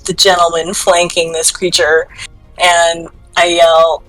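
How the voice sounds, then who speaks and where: A woman playing a tabletop game talks in an unhurried, drawn-out way, describing her character's actions with animated giggles. Faint music plays underneath. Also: on the low side, poor audio. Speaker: player.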